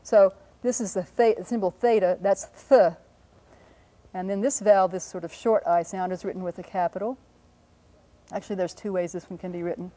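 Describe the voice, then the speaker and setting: A woman's voice: medium pitch, fairly even intonation, fairly quick, mellow, rough recording. A woman teaching a linguistics lesson at a whiteboard, patiently sounding out example words and correcting her own slips as she goes. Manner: self-correcting, apologizes for slips. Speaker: linguistics lecturer. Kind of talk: explanatory classroom lesson at a whiteboard.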